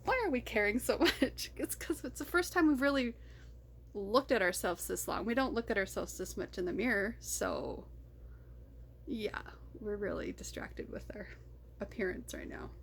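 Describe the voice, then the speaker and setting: A woman's voice: mid-range voice, animated, moderate pace, creaky, breathy edge. A woman talking to her camera in an unscripted video diary, rambling and distracted, often breaking into laughter. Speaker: vlogger.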